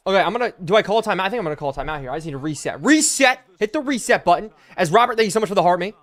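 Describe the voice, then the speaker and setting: A young man streaming a football video game live, calling plays, shouting in excitement and thanking chat. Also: high-pitched. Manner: excitable, bursts into loud exclamations, thanks viewers rapidly. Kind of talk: live stream commentary while reading chat.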